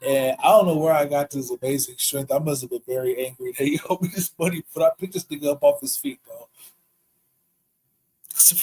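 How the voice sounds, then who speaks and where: Animated profane man telling a story. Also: fairly high pitch, a little fast, vocal fry, breathy edge, low-quality recording. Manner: profane, animated, laughs often. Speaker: podcast storyteller. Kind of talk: casual storytelling.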